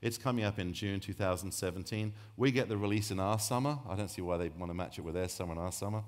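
Deep-voiced rambling man in a hall. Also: fast. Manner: rambling, jokey, self-interrupting. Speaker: shark researcher giving a public talk. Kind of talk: informal public science talk. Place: lecture hall. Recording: long hall reverb.

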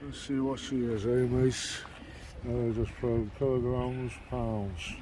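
A man, chatting in a relaxed, matey way while fishing on a riverbank at night. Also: mid-range voice, slow. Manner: relaxed, matey, plain-spoken. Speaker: fishing companion. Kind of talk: casual outdoor chat. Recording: outdoor recording with wind noise.

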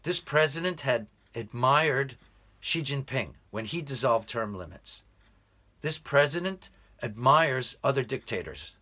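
A man from the United States speaks in a bright, forceful tone, pressing his points in an earnest political monologue. He slows down to lean hard on key phrases and keeps an urgent, appealing edge throughout. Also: mid-range voice, animated. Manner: earnest, urgent, emphatic with slow deliberate stresses. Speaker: English tutor.

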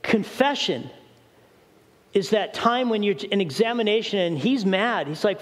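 High-voiced male pastor preaching in a hall. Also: animated, normal speed. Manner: preaching with acted prayers and rising emphasis. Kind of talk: sermon. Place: church sanctuary.

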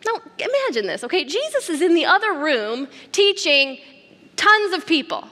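Woman preacher, bright, slightly high voice, chatty storytelling sermon, long church hall reverb. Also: moderate pace. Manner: conversational, animated storytelling with asides to the congregation. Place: church sanctuary.

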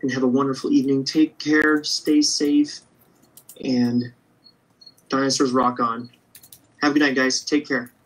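Upbeat husky man chatting while drawing. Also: medium pitch, flat delivery, a little slow, long pauses, rough recording. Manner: chatty, upbeat, thinks aloud as he draws. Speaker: artist drawing live for viewers. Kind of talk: casual livestream chat while drawing.

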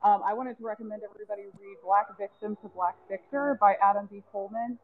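A woman's voice: medium pitch, fairly even intonation, quick pace. A woman calling in from the gym, a little out of breath, chatting in an earnest and grateful way. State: slightly out of breath. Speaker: caller. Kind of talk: casual call-in comment. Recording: tinny phone line.

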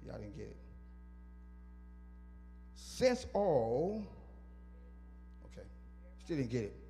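A man's voice: mid-range voice, sing-song, slow pace, mellow, long reverb tail, soft background music. A man preaching a sermon as pastor, working call-and-response with his congregation and teasing them to respond. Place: church sanctuary.

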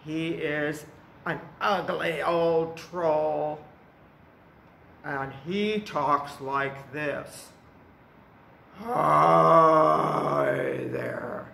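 A woman presenting a library storytime, telling a folk tale to young children in a slow, expressive way. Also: low voice, creaky. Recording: roomy echo with faint background noise.

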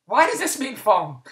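High-voiced woman ranting, fed up, keeps restarting, echoey room. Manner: exasperated, repeats questions, stammering restarts. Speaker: comedic monologuist. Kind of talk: comedic rant.

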